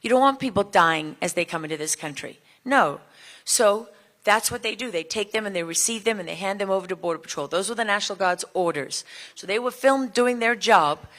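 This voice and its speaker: A woman's voice: mid-range voice, fairly bright tone. A woman giving an impassioned speech at a summit, firing rhetorical questions at the crowd. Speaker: speaker at a border summit.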